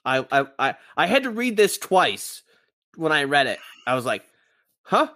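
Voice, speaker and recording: Lively podcast man telling a monster tale. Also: a little high, moderate pace. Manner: chatty, retells facts with hesitant restarts. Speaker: podcast co-host. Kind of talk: casual podcast storytelling.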